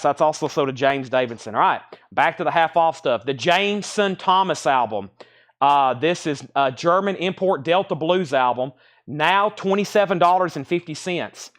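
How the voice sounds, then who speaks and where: A man with a voice on the high side and a fairly bright tone hosts a live stream sale, chatting and rattling off record titles and prices. He sounds out of breath throughout his sales patter.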